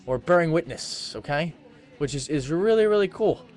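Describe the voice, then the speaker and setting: A man's voice: fairly high pitch, animated, moderate pace, a little mellow. Rambling man hosting home webcam radio. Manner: reads posts aloud with asides and many fillers. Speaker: internet radio host. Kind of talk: casual rambling webcam talk. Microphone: webcam microphone.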